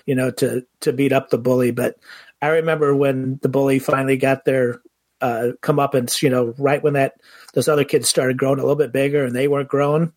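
A man co-hosting a casual chat, mostly giving short agreeing replies and sometimes recalling a memory in a slow, rambling way. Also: medium pitch, little pitch movement, darkish tone, no room sound. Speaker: podcast co-host.

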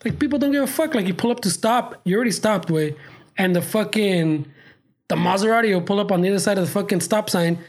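A man rattles off a heated rant among friends, speaking quickly and swearing constantly. He switches between English and Spanish as he goes. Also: high voice. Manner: rapid, heated ranting, heavy swearing, mixes English and Spanish. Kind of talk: casual chat.

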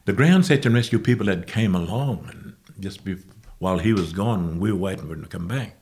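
Man, very low voice, interview guest; slow, halting storytelling that keeps correcting itself. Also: expressive, darkish tone. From Australia. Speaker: guest musician.

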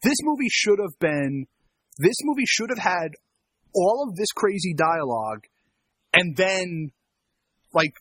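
A man in casual podcast chat about movies, animated and joking, laughing often. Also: sits high, measured pace, pauses often, breathy edge, no echo. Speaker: podcast co-host. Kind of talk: casual chat reviewing films.

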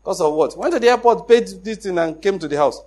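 A middle-aged Nigerian man with a Nigerian accent, telling a personal story in an animated way, acting out the dialogue and laughing often. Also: high voice, fast talker. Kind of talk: casual storytelling.

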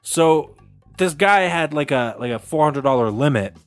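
A man's voice: fairly high pitch, lively intonation, normal speed, faint music behind. A man hosting a casual podcast, telling a long story with laughs and acted-out quotes. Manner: rambling, laughing, acts out quotes. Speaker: podcast host.

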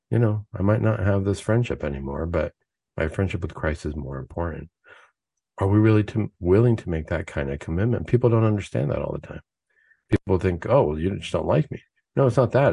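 A man's voice: sits low, expressive, a little fast, creaky, dark tone, husky, no echo. A man hosting a Catholic talk show, giving an earnest, conversational spiritual reflection full of rhetorical questions. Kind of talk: spoken reflection, casual preaching.

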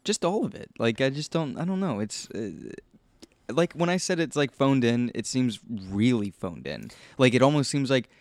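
A man co-hosts a casual podcast, talking loosely and trailing off mid-thought. His voice sits at an ordinary middle pitch. The recording is dry and close. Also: sing-song, moderate pace, a little mellow, no echo. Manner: loose, chatty, often trails off. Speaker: podcast co-host.

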